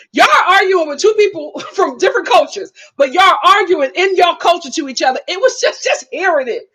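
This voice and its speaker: Lively high-voiced woman reviewing TV. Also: poor audio. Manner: animated, laughs often, acts out quotes. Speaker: reality TV reviewer, channel host. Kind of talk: casual live show review.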